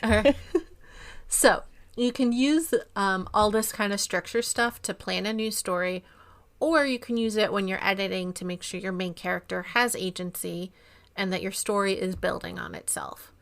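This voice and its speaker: A woman's voice: medium pitch, normal speed, creaky, a bit bright. A woman co-hosting a chat show about writing, enthusiastic and affirming. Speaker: podcast co-host, book editor. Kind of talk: casual chat.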